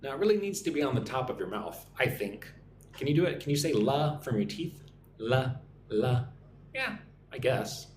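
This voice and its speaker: A man from the United States teaching English on a live stream, explaining words slowly and checking in with "right?" after each point. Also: mid-range voice, sing-song, roomy sound, slight background noise.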